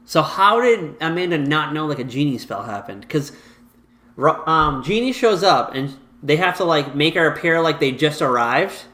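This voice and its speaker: A man's voice: a little high, animated, moderate pace, sharp tone. A young man co-hosting a podcast, rambling casually through an episode recap with lots of "like" and the odd swear. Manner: rambling, heavy on "like", laughs, swears. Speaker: podcast co-host. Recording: echoey room.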